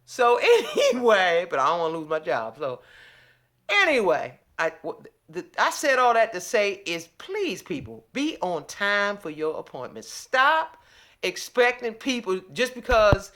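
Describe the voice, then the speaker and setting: Woman, vlogger, sassy rant, animated pitch, middle voice. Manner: animated, sassy, acts out both sides of a phone call. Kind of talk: storytelling rant to camera.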